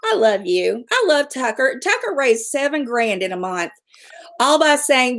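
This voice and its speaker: A middle-aged woman chats on her livestream in a blunt, outspoken way. She swears without a second thought and laughs easily, and her voice sits a little high. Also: big pitch swings, normal speed, vocal fry. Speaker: livestream host. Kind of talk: casual livestream chat.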